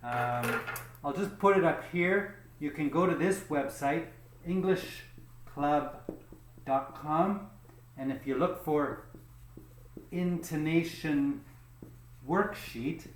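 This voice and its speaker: A man's voice: on the high side, slow pace, long pauses, reverberant, a little hiss or hum, rough recording. A man teaching a pronunciation lesson, speaking patiently, repeating words and checking in with "okay?". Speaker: English teacher.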